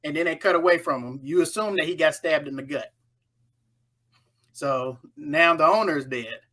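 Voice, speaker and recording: A woman runs through a horror film's plot in a loose, chatty way. She jumps into the characters' voices as she tells it, and her tone is bright and forceful. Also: deep voice, moderate pace. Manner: animated, acts out the characters' lines. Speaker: storyteller recapping a film. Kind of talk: casual spoken film recap.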